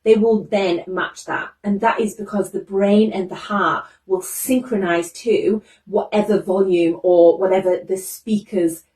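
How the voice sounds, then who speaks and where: A woman with a British accent giving a training talk to teachers. She is naturally excitable, talks fast and runs loud. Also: mid-range voice, roomy sound, far from the mic. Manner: excitable, fast-talking and loud by own account. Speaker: behaviour trainer.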